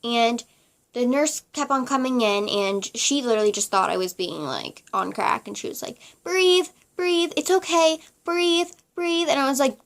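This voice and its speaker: A young woman vlogger telling a story in casual chat, sassy and chatty, acting out quotes with big jumps in pitch. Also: expressive, moderate pace, gravelly, fairly bright tone.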